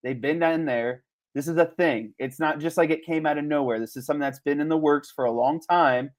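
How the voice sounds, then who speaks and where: A man co-hosting a podcast in casual sports chat, animated and laughing often. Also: on the high side, a little fast. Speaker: podcast co-host.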